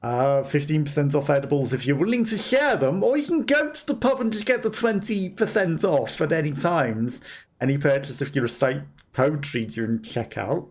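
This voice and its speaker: A man's voice: on the high side, lively intonation, normal speed. A man hosting a let's play, commenting on the game in a sarcastic, joking way. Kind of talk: gameplay commentary.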